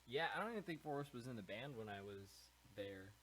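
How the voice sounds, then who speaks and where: A man's voice: mid-range voice, expressive, brisk, a bit bright, slight background noise, poor audio. A young man, a musician guest on a podcast, reminiscing in an easygoing, casual chat.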